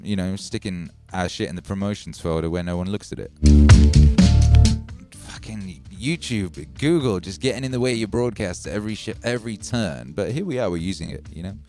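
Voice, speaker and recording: A man from Wales with a Midlands accent touched by Welsh, hosting a casual livestream, animated and swearing freely, repeating lines for emphasis. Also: lowish voice. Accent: English Midlands with a Welsh tinge. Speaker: music producer hosting a livestream.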